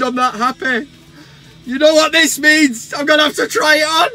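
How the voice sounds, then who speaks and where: A young man hosting a fan vlog, giddy, shouty and crude as he opens a parcel. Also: very high voice, fairly even intonation, moderate pace, soft background music. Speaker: vlog host.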